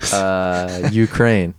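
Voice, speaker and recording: A man co-hosting a podcast in casual comedic chat, halting and thinking aloud with many fillers. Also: low voice, smooth, no echo. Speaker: podcast co-host.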